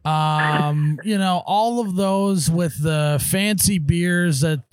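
Teasing, laid-back man with a higher voice. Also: slow pace, clean tone, no echo. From Wisconsin. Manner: teasing, laid-back, chuckles between remarks. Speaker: podcast co-host. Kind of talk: casual podcast banter.

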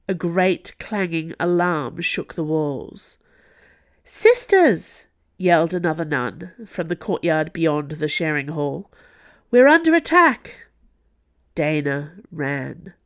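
A woman narrating an audiobook in a slow, measured reading. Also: sits low, no echo.

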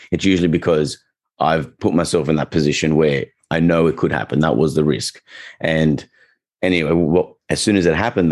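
Low-voiced chatty male dog trainer. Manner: relaxed, chatty, acts out quoted reactions. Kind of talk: casual podcast chat.

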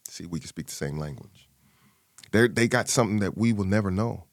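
A man's voice: low voice, brisk, no echo, studio quality. A middle-aged man, an interview guest, telling a personal story and acting out the voices of his family.

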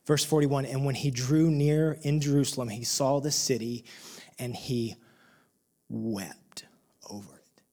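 A male pastor delivering a sermon at a middle pitch, swinging between rising, emphatic passages and soft, hushed moments. His delivery is impassioned and earnest. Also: steady tone, moderate pace.

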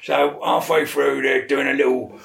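A man telling a lively anecdote, acting out the voices in it. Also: medium pitch, normal speed, vocal fry. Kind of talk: casual storytelling. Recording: distant mic.

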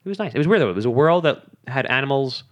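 A man co-hosting a casual chat, animated and joking as he tells stories. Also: medium pitch, racing. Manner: animated, laughing storyteller who jokes around. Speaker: podcast co-host.

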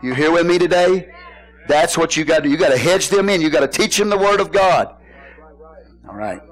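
Pastor, middle-aged man, slightly high voice; folksy sermon with call-and-response and shouted emphasis. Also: expressive, fairly quick, low-quality recording. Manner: preaches with call-and-response questions to the congregation; casual folksy phrasing, bursts into shouted emphasis.

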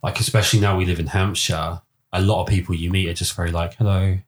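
A man's voice: sits low, steady tone, fast talker. A man with a Southern English accent hosting a podcast in a chatty, teasing way. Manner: chatty, teasing, slips into comic impressions. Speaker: podcast host. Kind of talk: casual interview chat.

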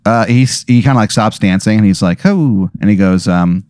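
A man's voice: fairly low pitch, brisk, darkish tone, smooth, dry recording, clean studio sound. A man co-hosting a comedy podcast, telling a rambling improvised story full of fillers and restarts. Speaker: podcast co-host.

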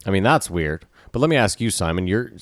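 Low-voiced man, hesitant and dry. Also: sing-song, brisk, no room sound. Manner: hesitant and weighing both sides. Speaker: podcast co-host. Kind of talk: casual discussion.

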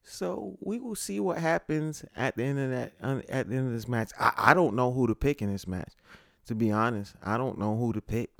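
A man's voice: mid-range voice, normal speed, gravelly, fairly bright tone, no room sound, studio quality. A man hosting a podcast in a loose, casual way, with many fillers and restarts. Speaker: podcast host.

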